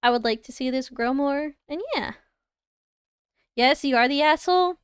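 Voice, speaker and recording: Reacting to her viewers while reviewing design work on a livestream, a young Canadian-accented woman chats casually and giggles. Her voice sits high and moves at normal speed, and the recording is dry with clean studio sound.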